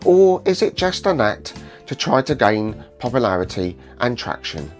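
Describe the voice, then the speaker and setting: A man's voice: mid-range voice, big pitch swings, moderate pace, faint music behind. A British man hosting a reaction commentary, blunt and mocking in tone. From United Kingdom. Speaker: host.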